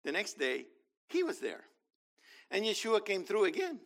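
A man preaching a sermon, animated, acting out scenes and questioning his congregation. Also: high voice, normal speed. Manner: animated, acts out biblical figures, talks to congregation. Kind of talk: sermon, Bible teaching.

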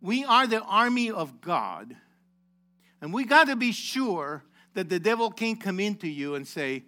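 Bright-voiced impassioned male preacher. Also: very animated, unhurried. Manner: rising to loud impassioned exhortation, then dropping low; addresses congregation members by name. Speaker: pastor. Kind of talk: sermon.

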